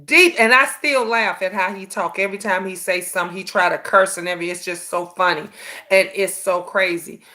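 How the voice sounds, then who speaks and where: This fifties-aged host speaks briskly at a medium pitch, spinning lively stories for her live-stream chat. She's sassy and keeps calling everyone "honey."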